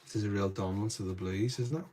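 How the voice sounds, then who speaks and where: A fairly low-voiced man runs a live painting stream from an indoor studio, talking quickly with fairly even intonation as he quietly thinks through each step aloud. Greeting viewers and fielding their chat questions makes his voice rise.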